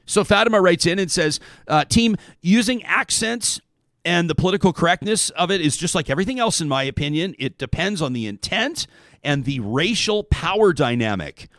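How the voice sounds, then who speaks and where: Animated, lively male talk show host. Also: high voice, normal speed, dry recording, clean studio sound. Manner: animated, conversational, reads listener emails aloud. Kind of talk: radio talk show monologue.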